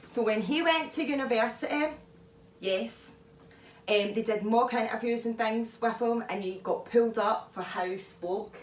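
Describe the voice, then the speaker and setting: A woman vlogger talking through advice in a chatty, animated way, often laughing, recorded at home. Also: fairly high pitch, normal speed. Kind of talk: casual advice talk. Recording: echoey room, mic far off.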